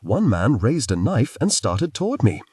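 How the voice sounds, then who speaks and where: A man reads a fantasy novel aloud with a breathy, husky tone and sweeping, animated swings of pitch. His narration is expressive and storytelling-driven. The recording is dry and sits a little back from the mic. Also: moderate pace, dry recording, far from the mic. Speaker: audiobook narrator.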